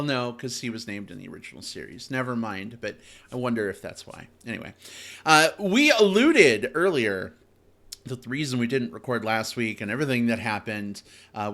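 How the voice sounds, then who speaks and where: A man hosting a film podcast, opening the show and chatting playfully with his co-hosts. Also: mid-range voice. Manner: animated, playful. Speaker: podcast host. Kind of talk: casual chat.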